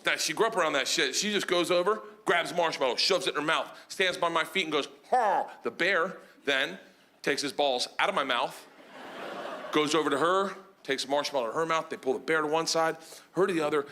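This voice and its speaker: A man doing stand-up comedy, telling a long story loudly and with animation, shouting his punchlines. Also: a little high, slight background noise. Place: comedy stage with audience. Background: audience laughter.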